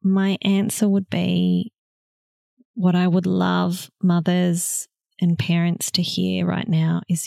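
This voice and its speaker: A woman guest on a podcast, speaking in a soft, slow, heartfelt way with long pauses. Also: on the low side, monotone, gravelly, dry recording, clean studio sound. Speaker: guest, motherhood facilitator. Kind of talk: slow reflective conversation.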